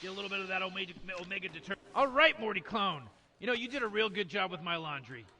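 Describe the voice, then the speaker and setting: A man's voice: high voice, animated, quick pace, sharp tone, faint music behind, full character voice. A man voicing Rick, a careless old mad scientist who rambles through his plans and brushes off worries, as a fan impression over gameplay. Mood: placating. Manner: rambling, dismissive.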